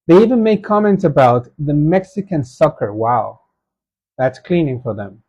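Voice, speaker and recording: A man's voice: a little high, expressive, normal speed, a little mellow, husky. A man in his thirties reading submitted stories aloud and reacting with laughing asides. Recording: dull lo-fi sound.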